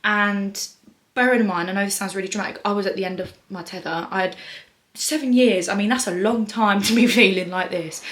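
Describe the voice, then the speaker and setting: A woman's voice: medium pitch, fairly even intonation, a little fast, a bit bright. A young woman telling a personal story to camera in a rambling, chatty way, full of fillers and restarts. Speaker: vlogger. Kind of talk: casual storytime monologue.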